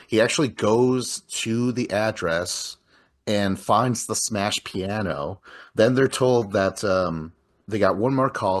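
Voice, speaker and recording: A man with a somewhat low voice talks loosely through a film. He rambles, swears freely and breaks into laughter as he goes. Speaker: podcast host. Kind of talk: casual movie discussion.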